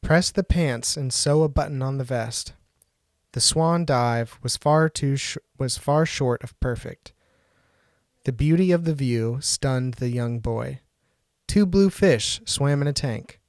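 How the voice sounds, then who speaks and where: A man's voice: medium pitch, slow, dry recording, studio quality. Casual man testing a mic. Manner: offhand, chatty, reading test phrases aloud. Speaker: host of a microphone review vlog. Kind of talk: casual mic-test talk and test readings. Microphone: podcast microphone close to the mouth.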